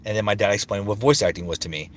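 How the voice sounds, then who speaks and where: A man in his thirties with a lowish, fast voice, chatting casually on a livestream as a voice actor. He rambles, swears freely, and keeps searching for words.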